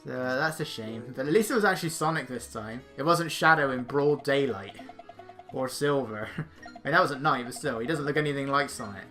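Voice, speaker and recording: A man's voice: medium pitch, brisk, bright, forceful tone, soft background music. A man casually commenting over gameplay, chatting, laughing now and then and reading game text aloud. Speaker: let's play host.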